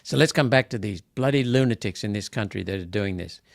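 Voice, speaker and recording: Fairly low and creaky, this man speaks fairly quickly in clean, dry studio sound. He is an Australian senator hosting a live political wrap-up, casual in manner but repetitive, his indignation rising into emphatic outbursts.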